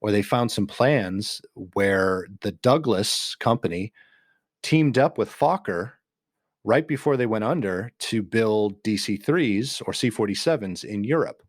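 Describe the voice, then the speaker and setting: Low-voiced man in casual podcast chat. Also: unhurried, no echo, studio quality. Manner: relaxed storytelling with fillers and restarts. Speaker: podcast co-host.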